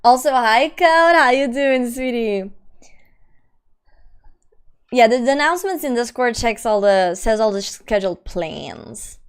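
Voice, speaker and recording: A woman's voice: a little high, expressive, moderate pace, few pauses, smooth. A young woman live streamer chatting casually with her viewers. She reads their messages aloud in a slangy, talkative way.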